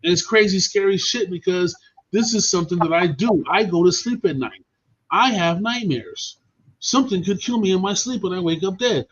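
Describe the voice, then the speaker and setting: High-voiced, animated, profane male storyteller. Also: normal speed, husky. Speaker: podcast host. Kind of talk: casual storytelling chat. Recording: dull lo-fi stream audio.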